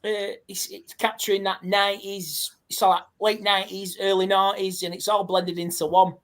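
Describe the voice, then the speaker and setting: A man chatting as a podcast guest, easygoing and a bit halting as he reminisces. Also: high voice, little pitch movement, a bit bright. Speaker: guest panelist. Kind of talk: casual podcast chat.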